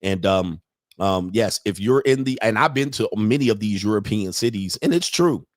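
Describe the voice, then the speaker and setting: A man hosting his own livestream, ranting in a casual, profane and mocking way and filling pauses with "all right" again and again. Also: on the low side, lively intonation, dry recording. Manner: keeps saying "all right". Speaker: livestream host.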